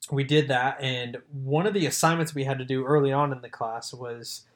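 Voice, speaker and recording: A man's voice: medium pitch, steady tone, normal speed. A young man co-hosting a casual podcast. He is easygoing and laughs readily while recalling college days. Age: young adult. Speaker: podcast co-host. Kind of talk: casual chat.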